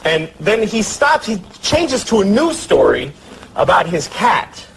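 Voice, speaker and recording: Animated high-voiced comedian, lively pitch. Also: male voice, a little slow, slight background noise, poor audio. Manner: animated, acts out characters in quoted voices, laughs through his lines. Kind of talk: stand-up and talk-show storytelling.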